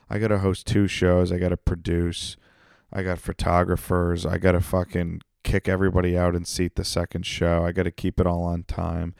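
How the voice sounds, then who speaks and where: A low-voiced man with a gravelly edge rambles through a solo podcast monologue. He swears constantly and jokes at his own expense. The sound is dry and close, with no room around it. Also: darkish tone, no echo. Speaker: podcast host. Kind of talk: casual profane monologue.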